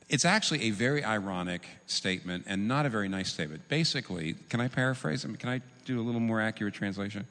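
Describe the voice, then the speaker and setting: A man preaching a sermon, teaching in an animated, humorous way with quick asides. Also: fairly low pitch. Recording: long reverb in a large hall.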